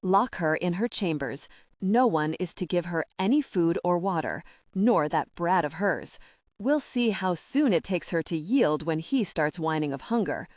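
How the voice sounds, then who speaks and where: A woman's voice: lowish voice, lively intonation, unhurried, darkish tone, no echo, clean studio sound. A woman voicing a cruel, obsessive laird giving harsh commands in an audiobook. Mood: cold, commanding.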